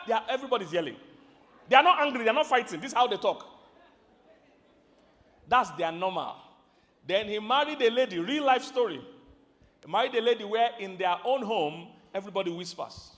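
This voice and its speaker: A man with a Nigerian accent preaching a sermon to a live audience, animated and quizzing the crowd. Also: fairly high pitch. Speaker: pastor and relationship teacher. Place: large hall with a live audience. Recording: long hall reverb.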